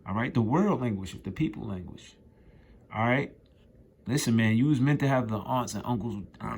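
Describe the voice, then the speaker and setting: A man teaching scripture in an informal, emphatic way, reading verses aloud and riffing on them in rough, profane slang. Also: on the high side, sharp tone. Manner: reads scripture aloud then riffs on it. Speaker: street preacher.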